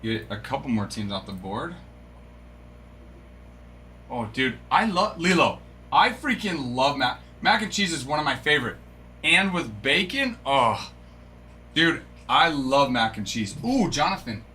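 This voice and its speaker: A man hosting a live card-opening stream, chatting excitably and breaking into yells of delight. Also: medium pitch, measured pace, long pauses, a little hiss or hum.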